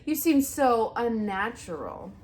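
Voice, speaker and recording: A woman reading a storybook aloud, voicing an excitable, bossy male owl who talks loud and high with alarm. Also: brisk, slight background noise, close to an everyday voice. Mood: indignant.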